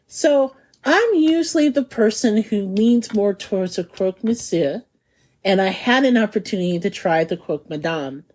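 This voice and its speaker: Woman on a food podcast, slow easy chat, gushing over a sandwich. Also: medium pitch, darkish tone. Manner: savoring, enthusiastic food description. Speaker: podcast co-host.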